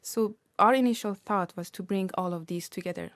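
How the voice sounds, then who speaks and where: A woman researcher being interviewed on radio, explaining her work in a measured, careful way. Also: medium pitch, no echo. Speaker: researcher guest.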